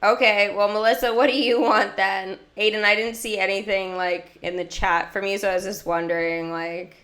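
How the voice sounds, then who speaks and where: Chatty, giggly woman gamer streaming live, mid-pitched voice, roomy echo. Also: steady tone, normal speed, fairly bright tone. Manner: chatty, giggly, heavy use of "like". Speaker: mobile game livestreamer. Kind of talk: casual gameplay livestream chat.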